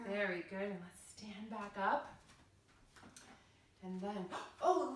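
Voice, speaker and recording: A woman leading a children's yoga class, giving gentle, playful, sing-song instructions. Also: medium pitch, measured pace. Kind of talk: guided kids' yoga class. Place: library room. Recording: echoey room from far off, faint noise.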